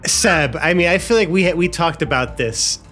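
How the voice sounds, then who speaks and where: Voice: medium pitch, moderate pace, loud music behind the voice. A game master narrating a tabletop role-play in a rambling way, full of fillers.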